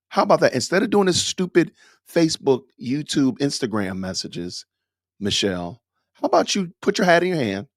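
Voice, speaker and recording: A man's voice: medium pitch, dry recording, clean studio sound. Emphatic man scolding on a podcast. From Atlanta. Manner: emphatic, scolding, preacher-like cadence. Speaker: podcast host. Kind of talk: commentary on a news clip.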